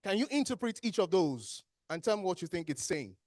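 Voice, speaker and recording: Fairly quick and medium-pitched, a Nigerian English trainer leads an interactive workshop in a training hall with an audience. The trainer animatedly fires questions at the room and answers them. The recording has no room sound and is studio quality.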